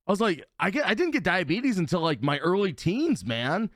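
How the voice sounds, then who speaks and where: A man co-hosting a podcast, his voice a little high and swinging widely as he tells a story. He jumps into his friends' parts, and the recording is close and dry, with no room sound. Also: big pitch swings, quick pace, few pauses, fairly bright tone, no echo. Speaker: podcast co-host. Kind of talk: casual podcast chat.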